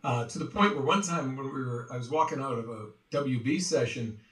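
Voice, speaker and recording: A man being interviewed as a voice actor, telling stories in an animated way and slipping into quick impressions. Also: mid-range voice. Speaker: voice actor guest. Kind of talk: casual interview chat. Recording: roomy, distant from the mic.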